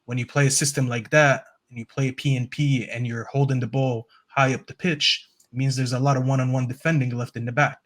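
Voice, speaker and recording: A man's voice: medium pitch, steady tone, brisk, hardly any pauses. Guy on a footy fan panel, regular voice, kinda rambly, lots of ums. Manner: earnest, rambling, lots of "um" fillers. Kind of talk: casual panel chat.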